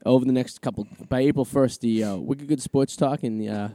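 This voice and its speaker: A man's voice: medium pitch, fairly quick, mellow. A man co-hosting a casual podcast, joking and swearing his way through rambling sports talk. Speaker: podcast co-host. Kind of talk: casual chat.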